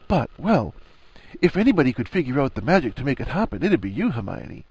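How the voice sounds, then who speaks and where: A man voicing an earnest, flustered young wizard who stammers and rushes. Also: medium pitch, very animated, darkish tone, husky, no room sound, lo-fi sound. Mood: eager. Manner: stammering, eager.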